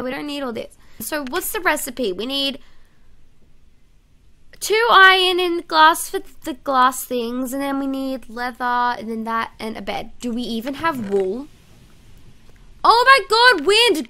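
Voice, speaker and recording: A high-voiced woman with a bright, sharp tone narrates her game in chatty, excitable commentary. She talks to herself and her viewers as she goes. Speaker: gaming YouTuber. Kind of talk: casual let's-play commentary.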